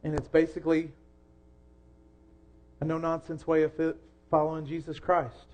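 A young man preaching a sermon in a church, earnest, rising to loud emphasis and dropping soft again. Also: on the high side, monotone, moderate pace. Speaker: pastor.

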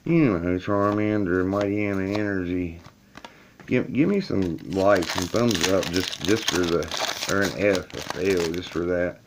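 A man with a low, gravelly voice talks casually to his viewers while he rips open card packs, calling them y'all and grumbling as his frustration builds. He is recorded by a camera sitting on a table in a laundry room, with a faint hiss and crinkling packs behind him. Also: steady tone, measured pace. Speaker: YouTuber opening card packs. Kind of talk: casual video commentary.

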